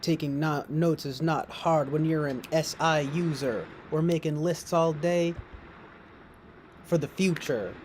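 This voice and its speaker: A man's voice: on the high side, unhurried, darkish tone, slight background noise. A young man streaming from his couch at home. He rambles and jokes with profanity, laughs often and improvises silly raps. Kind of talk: rambling late-night stream chatter.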